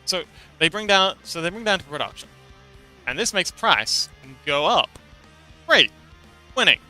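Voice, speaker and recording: A man's voice: sits high, big pitch swings, unhurried, pushed and bright, faint music behind. A man livestreaming, explaining something in a rambling, casual way, repeating words and laughing now and then.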